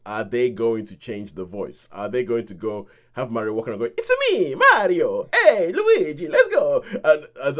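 On his film review podcast, this host speaks in a lowish, slightly mellow voice. He keeps the talk casual, laughs a lot, hums tunes, and performs his reactions out loud.

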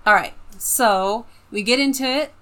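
A woman's voice: a little high, measured pace, fairly bright tone. A woman co-hosting a casual book podcast, rambling along with many filler words. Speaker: podcast co-host.

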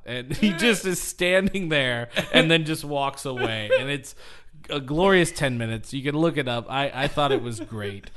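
A man on a podcast, casually retelling a story with lively acted-out quotes and frequent laughter. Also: fairly high pitch, moderate pace, a little hiss or hum. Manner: animated storytelling, acting out quotes, laughing often. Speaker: podcast host. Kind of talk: casual chat.

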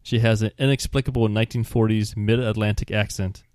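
A man's voice: on the low side, steady tone, a little fast, a little mellow, no room sound, clean studio sound. A man co-hosting a casual political chat, playful and teasing. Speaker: podcast co-host.

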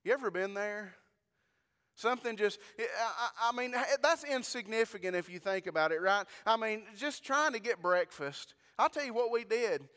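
A pastor preaching in a folksy, storytelling way, speaking right to his congregation. His voice is fairly high and clear. A long church reverb trails behind him. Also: animated, normal speed, a bit bright. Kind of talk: sermon.

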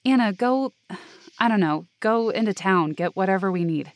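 A woman's voice: mid-range voice, animated, moderate pace, no echo, close to an everyday voice. A woman voicing a harried man who runs a summer camp, speaking curtly and dismissively. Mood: pressed. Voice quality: curt and dismissive. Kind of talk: audio drama dialogue.

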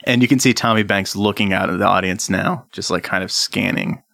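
A man's voice: fairly low pitch, a little fast, gravelly, sharp tone, no room sound, clean studio sound. A man narrating a tabletop role-playing game as game master, laid-back and laughing often.

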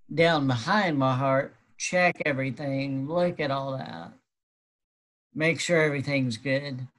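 Slow, wry storyteller. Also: mid-range voice, a bit bright. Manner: unhurried, wry, matter-of-fact. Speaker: guest telling a personal story. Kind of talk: casual storytelling.

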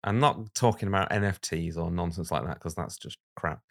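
A man with a deep, low-pitched voice and a gravelly edge to it. He talks bluntly and speaks his mind in relaxed podcast chat, and he grows animated when a subject riles him. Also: brisk. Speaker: guest illustrator. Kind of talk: casual podcast conversation.

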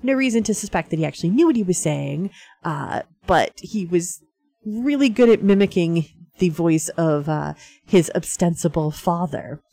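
A woman radio host with a low, dark voice and a gravelly edge. She talks casually, filling pauses and chuckling now and then. The sound is dry and close. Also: expressive, no room sound. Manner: chatty, frequent fillers and laughs.

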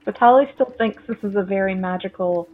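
A woman playing a tabletop game, making dry, quick quips. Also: medium pitch. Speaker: player. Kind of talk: casual tabletop play. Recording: tinny phone-like line.

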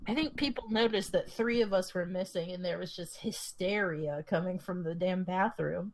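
A woman's voice: lowish voice, normal speed, a little hiss or hum. Young woman rambling thru a story on her podcast, cusses a lot, laughs a bunch. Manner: rambling storyteller, swears freely, laughs often. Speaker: podcast co-host. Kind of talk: casual chat.

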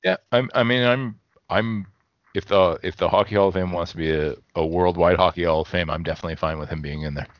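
Deep-voiced rambling podcast host. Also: male voice, fairly even intonation, fast talker, dry recording, muffled recording. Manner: rambling, thinks aloud, self-correcting. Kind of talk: casual chat.

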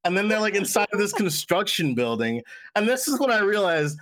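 A man's voice: sits high, sing-song, fairly quick, fairly bright tone. A man co-hosting a podcast, chatting casually in a rambling way with many fillers and frequent laughs. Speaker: podcast co-host. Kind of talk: casual chat.

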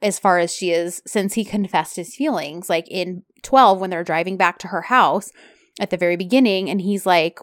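A woman's voice: on the low side, normal speed, no room sound. Chatty woman recapping a show, dry sound. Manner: chatty, animated retelling with many fillers. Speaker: podcast co-host recapping a TV series. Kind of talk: casual chat.

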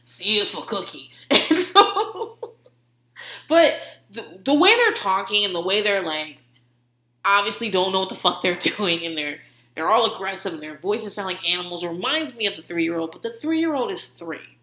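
A woman's voice: mid-range voice, big pitch swings, normal speed, sharp tone. A woman host giving a casual comedic recap, swearing freely and laughing often as she talks. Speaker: podcast host. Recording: roomy echo.

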